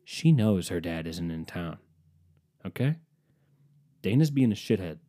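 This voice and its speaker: A man's voice: deep voice, sing-song, measured pace, dark tone. A man telling a comedic story in a casual, rambling way, sarcastic and full of swearing.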